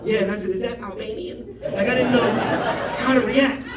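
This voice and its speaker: A man's voice: very high-pitched, normal speed, heavy background noise. A man doing stand-up, telling a loose, profane story with lots of asides to a laughing club audience. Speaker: stand-up comedian. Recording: echoey club recording from a distance, crowd laughter.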